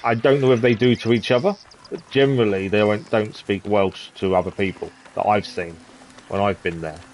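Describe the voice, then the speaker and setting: A man's voice: lowish voice, steady tone, moderate pace, darkish tone, a little hiss or hum. A man from the East of England chatting casually as he plays a game on stream, thinking aloud with plenty of ums. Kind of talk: casual gameplay commentary.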